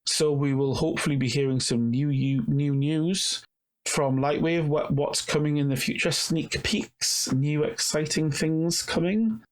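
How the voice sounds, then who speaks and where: A man's voice: fairly high pitch, measured pace. A man co-hosting a podcast in casual chat, rambling and jokey. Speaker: podcast co-host.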